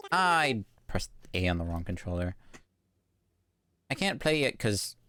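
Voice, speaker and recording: A man's voice: fairly low pitch, big pitch swings, unhurried, long pauses, pushed and bright, clean tone, dry recording. A man from Canada with a light Canadian accent, chatting playfully as he streams a video game. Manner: chatty, playful, chuckles often. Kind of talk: casual live gameplay chat.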